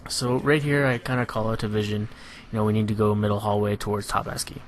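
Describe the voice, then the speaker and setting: A man giving a relaxed, analytical voice-over on his own competitive match, filling pauses with "you know". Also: lowish voice, slight background noise. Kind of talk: gameplay commentary voice-over.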